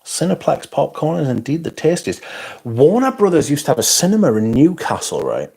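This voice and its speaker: A man's voice: on the high side, wildly swooping pitch, a little fast, gravelly, darkish tone, husky. Tired male streamer, rambly and self-mocking, chatting casually through viewer comments. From North East England. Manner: rambling, self-deprecating, frequent yawns and interjections. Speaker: livestream host. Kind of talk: casual livestream chat reading viewer comments.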